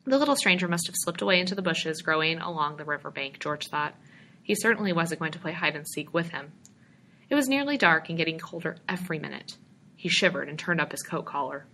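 A woman giving a steady audiobook narration of a short story. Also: low-pitched, a little fast. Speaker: reader.

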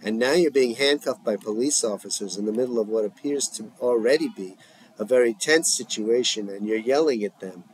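A man voicing a calm, probing male therapist as he reads a script aloud in a measured, questioning way. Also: medium pitch, a little hiss or hum, natural voice, poor audio.

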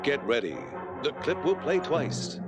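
An actor playing a theatrical game announcer who introduces each round in a measured, showman-like way. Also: a little high, big pitch swings. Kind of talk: scripted game-show announcing. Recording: music bed under the voice.

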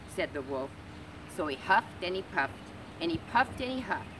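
A woman librarian reading a storybook aloud to children, gentle and expressive. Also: on the low side, background noise. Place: community library.

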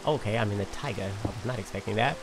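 A man giving uncut running commentary on his own game, talking to himself and venting frustration out loud. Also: fairly low pitch, fast, over music. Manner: talks to himself while playing, frustrated outbursts. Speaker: Minecraft let's player.

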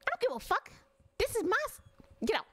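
A woman voicing a brash, foul-mouthed pregnant hood mom in a game role-play, loud and indignant. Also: very high-pitched, big pitch swings, fairly quick. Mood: sassy.

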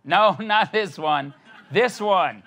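A man's voice: sits high, slow pace, sharp tone. A man in a satirical comedy sketch, arguing sarcastically with himself in a mock-indignant back-and-forth. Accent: Canadian.

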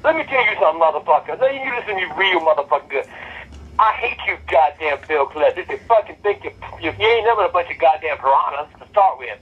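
Furious raspy old man on a phone. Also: fairly high pitch, expressive, quick pace, dull audio. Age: older. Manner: cursing, furious ranting. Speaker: prank call target. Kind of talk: prank call rant.

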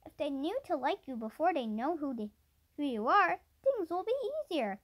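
A calm, kindly town doctor who speaks quietly, as a woman reads him aloud in a storybook. The voice stays high and lively. He is read almost in her everyday voice. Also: normal speed. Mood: gentle. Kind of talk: storybook character voice.

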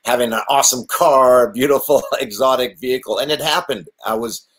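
A man, an actor and guest, telling stories in a casual interview, animated and rambling with many restarts. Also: medium pitch, a little fast.

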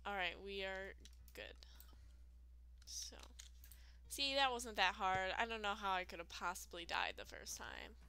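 A woman's voice: medium pitch, lively intonation, unhurried, long pauses, sharp tone. A woman giving casual, rambling let's-play commentary, full of fillers and self-deprecating asides. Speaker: gaming video creator.

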